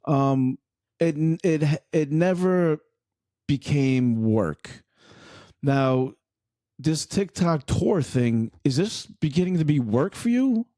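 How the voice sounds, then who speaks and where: A man hosting a podcast, talking in a relaxed, loose way and swearing casually. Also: a little high, slow, dry recording, clean studio sound. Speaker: podcast host.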